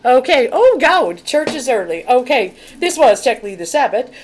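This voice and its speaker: A woman's voice: high voice, sing-song, moderate pace. A woman hosting a casual commentary stream, exuberant and a little out of breath, with music playing behind her. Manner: exuberant, whooping and laughing, breathless. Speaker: tarot reader and channel host.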